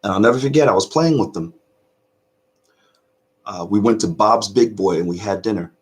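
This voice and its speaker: A middle-aged man hosting a casual reaction video, choked up with emotion, talking earnestly in halting restarts. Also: fairly low pitch, slightly rough. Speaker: YouTube reaction host.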